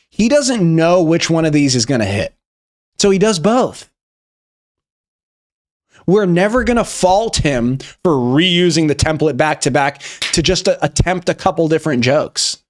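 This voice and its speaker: A young man streaming, chatting casually and joking as he reviews memes in quick rambling asides. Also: on the high side. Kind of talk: casual chat.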